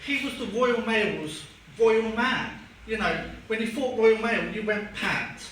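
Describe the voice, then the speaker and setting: A young man doing stand-up with a dry, sardonic delivery and a fairly high voice. He sounds far from the mic, and the club's hard walls echo around him. Crowd noise hangs under his words. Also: a little slow. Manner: deadpan, sardonic storytelling with swearing. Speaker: stand-up comedian. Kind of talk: stand-up comedy set. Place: comedy club, live audience. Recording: echoey club recording from afar, audience noise.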